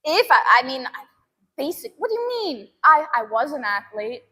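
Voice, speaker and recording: A woman's voice: sits high, sing-song, normal speed, bright, forceful tone, in a large hall. A woman in her twenties, a fitness streamer, chatting casually with live viewers from a gym, laughing often and groaning at sore muscles. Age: 20s.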